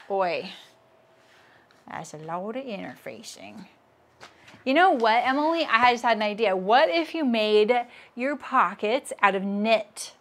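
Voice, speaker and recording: A woman in her thirties hosting a relaxed sewing livestream. She chats easily with her viewers, answers their comments and laughs at her own jokes, her voice sitting at an ordinary middle pitch. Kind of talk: casual livestream chat while sewing.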